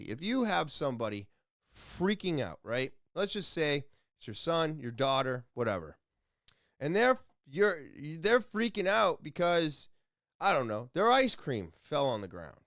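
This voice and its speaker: Lively, clear-voiced man talking casually. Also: on the high side, dry recording, clean studio sound. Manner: rambling, self-correcting, explaining to listeners. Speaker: podcast host. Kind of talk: casual solo podcast talk.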